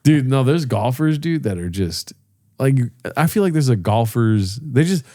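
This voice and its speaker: A man's voice: medium pitch, animated, unhurried, warm tone. A man co-hosting a podcast, telling loose, profane stories and acting out the people in them. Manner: loose, profane, acts out voices in his stories. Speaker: podcast co-host. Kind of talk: casual storytelling chat.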